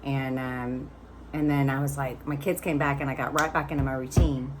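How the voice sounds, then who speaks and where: Low-voiced chatty woman in her fifties. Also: fairly even intonation, moderate pace, background noise. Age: 50s. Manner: chatty and candid, swearing casually. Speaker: vlogger. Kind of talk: casual storytelling to camera.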